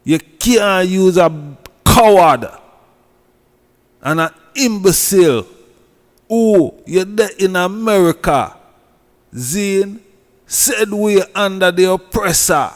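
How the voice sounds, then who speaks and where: A man's voice: high-pitched, lively intonation, slow, long pauses, in a large hall. A man with a Jamaican accent who scolds and preaches in a heated commentary rant, repeating himself. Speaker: online commentator.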